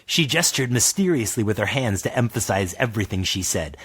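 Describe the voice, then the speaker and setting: A man narrating a comic fantasy story as a guest storyteller, lively and amused. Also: mid-range voice, moderate pace, hardly any pauses, slightly rough.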